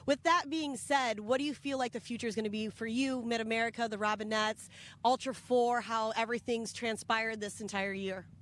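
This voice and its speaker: A woman's voice: fairly high pitch, fairly even intonation, brisk. Woman doing trackside interviews, gushy and friendly, trips over words sometimes. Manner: effusive, friendly, fumbles words. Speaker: event interviewer. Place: outdoors at an off-road race park.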